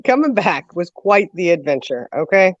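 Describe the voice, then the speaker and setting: A woman whose voice is on the low side speaks with no echo in a dull, dry, lo-fi recording. Hosting a casual talk, she tells a long, lively story, laughing and padding it with fillers as she stretches it out.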